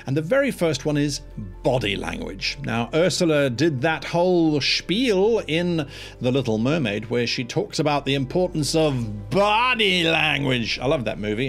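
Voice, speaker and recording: A man's voice: mid-range voice, creaky. A man hosting a tabletop game master tips video, talking enthusiastically and emphatically. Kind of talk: casual tutorial talk.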